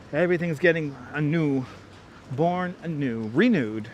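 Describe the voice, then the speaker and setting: A man hosts a live walking stream outdoors on a city street, wearing a wireless clip-on mic. His voice is on the high side with lively intonation and normal speed, and his casual chat rambles and often repeats itself over slight background noise.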